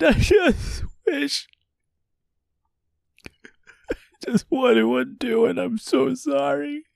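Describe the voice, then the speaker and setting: Man putting on a weeping woman, high strained cries, stammering sobs, dry close sound. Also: vocal fry, dry recording, full character voice. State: crying. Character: anguished grown woman begging forgiveness.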